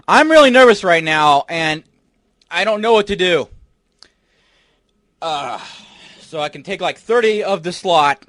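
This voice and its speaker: A man hosting a comedic radio show, ranting in a panicky, swearing, shouting way. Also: high voice, no echo.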